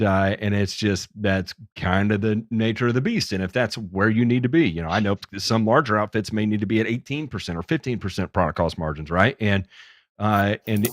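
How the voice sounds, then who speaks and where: A man hosts a loose, joking livestream chat, ribbing his guests and restarting his sentences often. His voice sits low, and it is recorded close and dry with no room echo at all. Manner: joking, teasing, many restarts and fillers. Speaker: podcast host.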